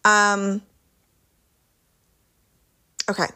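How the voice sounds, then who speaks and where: A woman's voice: medium pitch, monotone, very slow, sharp tone, smooth. A young woman hosting a solo podcast, talking candidly in a chatty, rambling way, full of "like" and self-corrections. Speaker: podcast host.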